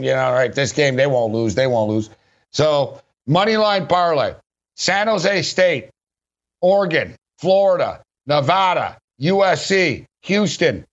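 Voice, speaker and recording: A middle-aged man with a fairly high voice hosts a sports radio show, rambling bluntly about betting and football. The recording sounds muffled, and he keeps calling people "big man" in this casual betting chat.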